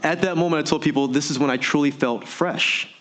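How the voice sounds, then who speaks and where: A man giving an energetic motivational keynote, full of rhetorical questions and audience prompts. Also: fairly high pitch, brisk, noisy background. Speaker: motivational speaker. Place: virtual meeting event.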